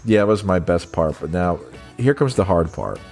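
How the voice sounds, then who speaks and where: Deep-voiced man in chatty film talk. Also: animated, moderate pace, a little mellow. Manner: chatty, laughs often, acts out film lines. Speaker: podcast co-host. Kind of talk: casual film review chat. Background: faint synth music.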